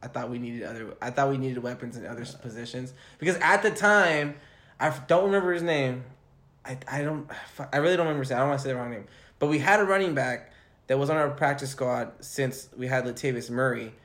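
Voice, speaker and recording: A young man chatting casually as a podcast co-host, swearing freely and telling animated stories full of slang. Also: medium pitch, quick pace. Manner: profane, animated storytelling with slang. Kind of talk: casual chat. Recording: echoey room.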